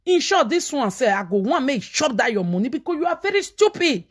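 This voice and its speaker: A woman speaking in a Nigerian Pidgin accent, telling a story as a vlogger and scolding dramatically, switching between shouts and hushed asides. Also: sits high, sing-song, normal speed, hardly any pauses. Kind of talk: animated storytelling commentary.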